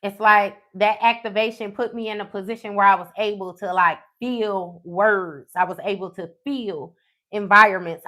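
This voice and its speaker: A woman tells a personal story in a live stream, animated and profane, often checking in with "okay?". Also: mid-range voice. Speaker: tarot reader.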